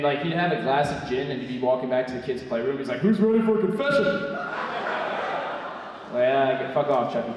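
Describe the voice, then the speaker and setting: A brash young man performing stand-up in a theatre, cursing freely and checking in with the room as he goes. His voice sits at an ordinary pitch and comes from well off the microphone. It carries a long, echoing hall reverb over a faint hiss. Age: young adult. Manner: brash, profane, tosses in asides like "right?". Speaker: stand-up comedian. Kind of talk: stand-up comedy set. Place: theatre stage before a live audience. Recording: echoey theatre hall from far off.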